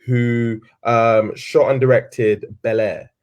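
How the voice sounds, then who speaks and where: A man's voice: medium pitch, steady tone, slow, clear, resonant tone. A man interviewing a filmmaker, asking long questions with frequent hesitations. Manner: hesitant, many fillers. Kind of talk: conversational interview.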